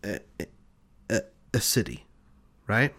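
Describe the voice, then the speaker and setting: A man co-hosting a casual comedic chat who rambles through an invented film pitch. He acts out the scenes as he goes, jumping between narration and little bits of dialogue. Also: slow pace. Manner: animated, rambling storyteller acting out scenes. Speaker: podcast co-host pitching film ideas.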